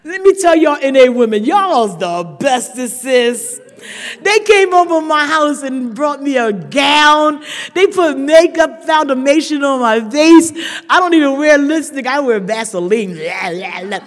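A middle-aged woman telling a dramatic story at a recovery meeting, talking straight to the crowd and swinging between loud outbursts and hushed asides. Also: high voice, expressive, a little slow. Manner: chatty, addresses listeners directly. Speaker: speaker sharing at a recovery meeting. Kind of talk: storytelling share to a live audience. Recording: long reverb of a large hall.

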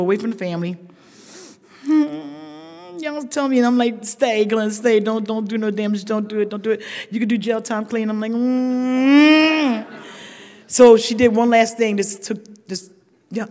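Animated middle-aged woman in a reverberant hall. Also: a little high. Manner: animated, dramatic, swinging from loud outbursts to hushed asides; chatty, addresses listeners directly. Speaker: speaker sharing at a recovery meeting. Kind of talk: storytelling share to a live audience. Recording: long reverb of a large hall.

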